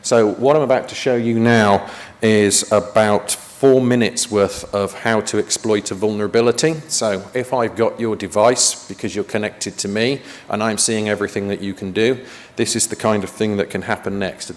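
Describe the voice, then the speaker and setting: A man presents to a conference audience, chatty and fond of dry joking asides. His voice sits a little low. The talk is caught in a meeting hall with a long, lingering reverb. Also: fairly even intonation, normal speed. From United Kingdom.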